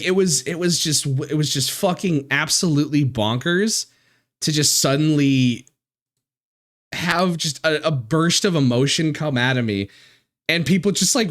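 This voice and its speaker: A man streaming live, talking in a halting, emotional way with many restarts and swearing, close to tears. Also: a little high, fairly bright tone. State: near tears. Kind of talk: casual live-stream chat.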